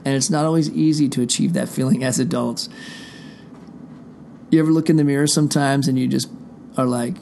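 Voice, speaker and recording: A man's voice: mid-range voice, fairly even intonation, brisk, creaky, long pauses, dark tone, a little hiss or hum. A middle-aged man hosting his show from a room indoors, talking straight to his listeners in a rambling, profane, digressive monologue. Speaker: show host. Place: indoor room behind a closed door.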